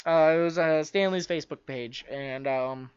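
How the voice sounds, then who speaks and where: A man's voice: on the high side, moderate pace, clean tone, no room sound. A man co-hosting a podcast in casual chat, rambling eagerly with many fillers and restarts. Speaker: podcast co-host. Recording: dull lo-fi dry recording.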